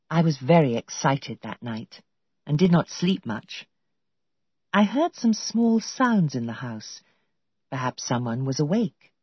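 A woman narrating a storybook in a clear, measured reading voice. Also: sits low, very animated, no room sound. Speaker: audiobook narrator. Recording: dull lo-fi audio.

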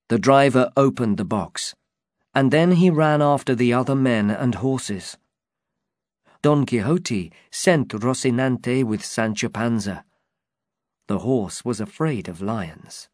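A man narrating a storybook in a slow, deliberate, even reading. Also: mid-range voice, dry recording, studio quality.

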